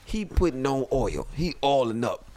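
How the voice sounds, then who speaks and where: A man telling a funny story in casual chat, animated and laughing often, acting out other people's voices. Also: mid-range voice, moderate pace. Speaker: comedian guest. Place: home studio.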